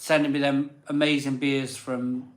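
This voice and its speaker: A man's voice: mid-range voice, little pitch movement, a little slow, reverberant. A slightly drunk man, hosting a live beer show in rambling casual chat. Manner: rambling and self-doubting, many fillers and restarts. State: a bit drunk.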